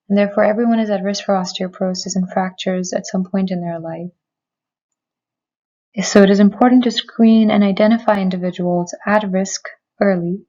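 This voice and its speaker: Woman giving a measured medical lecture. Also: mid-range voice, mellow, lo-fi sound. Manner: measured, clear, explanatory. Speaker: physician giving a health lecture. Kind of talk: prepared medical presentation. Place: remote recording, not in person.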